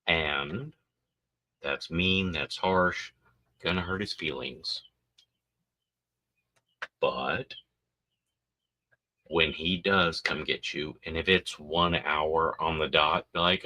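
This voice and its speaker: A podcast host with a very deep voice rambles through a casual monologue, crude and joking, often acting out silly voices of babies and parents. He speaks slowly with long pauses, his tone bright and forceful.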